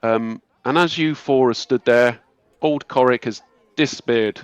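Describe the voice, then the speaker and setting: A man narrating as game master, telling the scene in an unhurried, descriptive way. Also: medium pitch, clear, resonant tone, no room sound. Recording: dull lo-fi recording.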